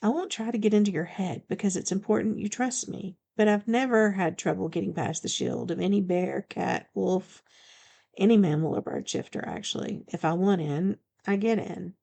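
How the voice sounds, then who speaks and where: A woman voicing a young-looking female vampire in an audiobook, talking quickly and defensively. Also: medium pitch, creaky, warm tone.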